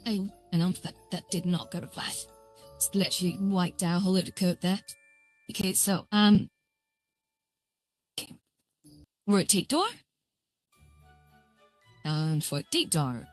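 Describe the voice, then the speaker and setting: A woman chats casually on a live stream as she builds something, her voice sitting at an ordinary middle pitch. She rambles with frequent ums and pokes fun at herself, and faint music plays quietly behind her. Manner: rambling and self-deprecating, lots of filler words. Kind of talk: casual live-stream commentary while coding.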